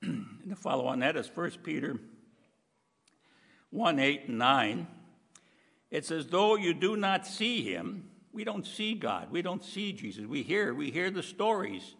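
A man preaching a sermon in a folksy, conversational way, often clearing his throat. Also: a little high, very animated, unhurried, a bit bright, big-room sound.

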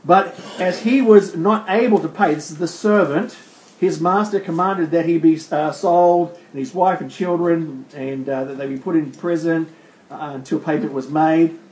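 A man's voice: on the high side, moderate pace, darkish tone, reverberant, poor audio. A man preaching a sermon verse by verse, who asks the congregation rhetorical questions and answers them himself. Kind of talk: sermon explaining a scripture passage.

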